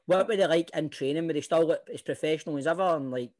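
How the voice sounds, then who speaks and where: A Scottish man hosting a football podcast, joking in quick, excitable and sweary banter. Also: a little high. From Scotland. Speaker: podcast host. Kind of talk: casual chat.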